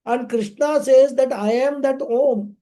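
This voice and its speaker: A male scripture teacher with a fairly high, very mellow voice. He explains in a slow, measured way, pausing between phrases and chanting Sanskrit verses now and then. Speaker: spiritual teacher. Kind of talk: scripture lecture.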